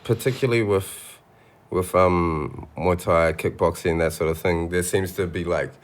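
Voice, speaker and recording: A man co-hosting a podcast, relaxed and swearing casually as he asks questions. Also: deep voice, unhurried. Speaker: podcast co-host.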